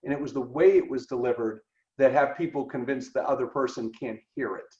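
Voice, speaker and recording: A man co-hosting a podcast, talking through ideas in an animated way and acting out quoted dialogue. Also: medium pitch, fairly quick. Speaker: podcast co-host. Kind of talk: conversational podcast discussion. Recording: roomy, dull lo-fi sound.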